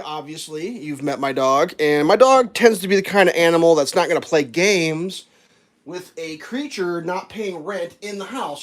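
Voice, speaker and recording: A man with a fairly high voice tells a rambling story over breakfast at home. He talks casually and gets animated when the story heats up, sometimes slipping into silly voices. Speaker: vlogger.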